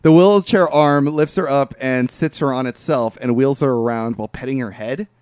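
A man co-hosting a podcast, recapping a film in casual chat, rambling and animated with lots of fillers. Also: mid-range voice, moderate pace, clean tone, no echo, studio quality. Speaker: podcast co-host.

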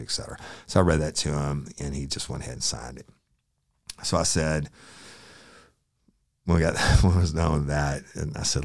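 Deep-voiced man telling a story. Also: little pitch movement, brisk, vocal fry, dry recording, clean studio sound. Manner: blunt and profane, acting out his own lines. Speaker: police detective telling a story.

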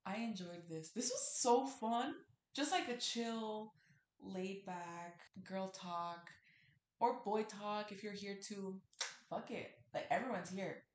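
A woman's voice: mid-range voice, slow pace. Rambling young woman podcaster, roomy sound. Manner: rambling, filler-heavy, swears freely. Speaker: podcast host. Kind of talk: casual solo podcast chat.

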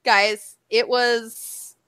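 A woman co-hosting a casual chat, telling a story in an animated way, swearing freely and acting out what people said. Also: fairly high pitch, extremely slow, clean tone, no room sound, low-quality recording.

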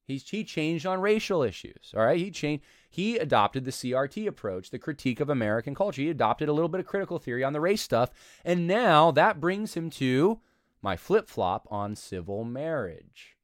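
A man reading aloud from an article and critiquing it in an argumentative, animated way, breaking in with asides and short laughs. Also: a little high, moderate pace, dry recording, clean studio sound. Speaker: commentator.

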